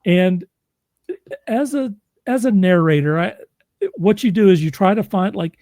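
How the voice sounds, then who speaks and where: Oklahoma guy hosting a chat, bit high voice, mellow tone, laughs a lot. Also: a little slow, no room sound. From Oklahoma, USA. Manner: chatty, laughs easily, loose restarts. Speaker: podcast host and audiobook narrator. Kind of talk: casual interview chat.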